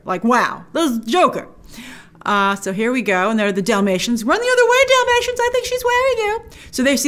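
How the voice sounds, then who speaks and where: In a mid-range, slightly bright voice, a woman hosts a laid-back breakdown of a film trailer. Her reactions are enthusiastic and chatty, peppered with fillers and restarts.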